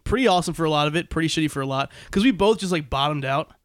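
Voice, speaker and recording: A man's voice: fairly high pitch, animated, very fast, no echo. A male stand-up comedian rambling through a personal story on a podcast, swearing and poking fun at himself. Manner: rambling, profane, self-mocking.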